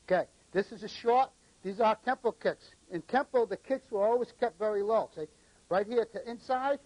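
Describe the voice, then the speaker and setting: High-voiced man coaching martial arts. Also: a little mellow, low-quality recording. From New England. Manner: coaching, counting out moves, short commands. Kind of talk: live martial arts demonstration.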